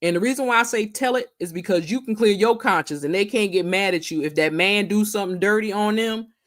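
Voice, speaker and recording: A woman's voice: medium pitch, a little fast. A woman hosting a casual livestream chat, greeting viewers by name and stretching her words out. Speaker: livestream host.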